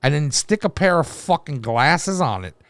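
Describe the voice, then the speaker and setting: A man's voice: fairly high pitch, sing-song, moderate pace, fairly bright tone, no room sound. A man hosting a reaction video, ranting in a crude, mocking way with constant swearing. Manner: crude, mocking, rambling rants with heavy swearing. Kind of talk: profane reaction commentary.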